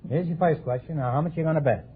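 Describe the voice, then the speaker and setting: A man hosting a 1950s radio quiz show, quick with jokes and wisecracks. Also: fairly high pitch. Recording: old radio broadcast, tinny and noisy.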